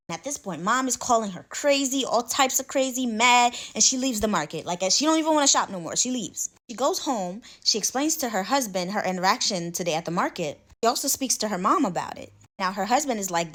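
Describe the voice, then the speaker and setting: A woman's voice: a little high, animated, fairly quick, hardly any pauses, fairly bright tone, no echo. Woman storyteller; casual, chatty spooky storytime, talks to her viewers. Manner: chatty, addresses the audience directly, acts out the characters' lines.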